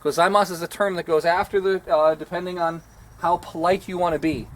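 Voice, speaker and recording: A man's voice: high-pitched, fairly even intonation, a little fast. A man, a martial arts instructor giving a rambling, self-deprecating outdoor lesson. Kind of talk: casual instructional talk.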